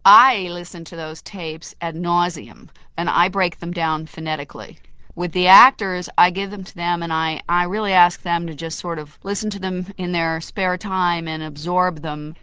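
A woman's voice: fairly low pitch, steady tone, normal speed, sharp tone, clear, resonant tone, dry recording. A woman dialect coach in a radio interview, articulate and precise as she explains her work.

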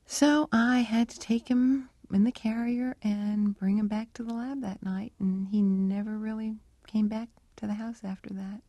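Gravelly, mellow-voiced woman telling stories. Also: mid-range voice, fairly even intonation, measured pace, hardly any pauses, dry recording. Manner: thoughtful, anecdotal, acts out remembered dialogue. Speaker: animal researcher, interview guest. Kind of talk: radio interview, storytelling answers.

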